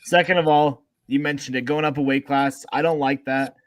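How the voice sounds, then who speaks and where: A man's voice: medium pitch, fairly even intonation, normal speed, no echo. A man co-hosting a casual sports podcast, giving his picks in a laid-back, joking way. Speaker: podcast co-host.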